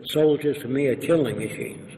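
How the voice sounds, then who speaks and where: A man's voice: medium pitch, normal speed, warm tone. An older man, being interviewed, telling anecdotes in a lecturing way and acting out other people's voices. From New York. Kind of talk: anecdotal storytelling. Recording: echoey room, faint hiss.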